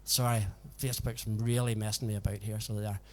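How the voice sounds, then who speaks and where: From his home in a village, a man hosts a casual live music stream, chatting folksily and ending sentences with "so it did". His voice is fairly low with little pitch movement, and he talks briskly. Long reverb and backing music fill the recording.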